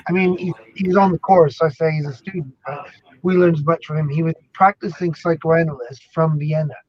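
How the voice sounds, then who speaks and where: A man chatting casually as an academic guest, animated and jokey, rambling through his thoughts. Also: a little high, a little fast, lo-fi sound. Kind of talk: casual chat.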